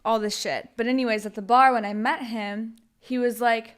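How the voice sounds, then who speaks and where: This is a woman from Oregon, a guest on a podcast, telling stories from her past. Her voice sits a little high and her delivery is animated and full of swearing. She fills almost every sentence with "like". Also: fairly quick, few pauses, clear, resonant tone. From Oregon, USA. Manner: animated, profane, heavy use of "like". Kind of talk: casual storytelling.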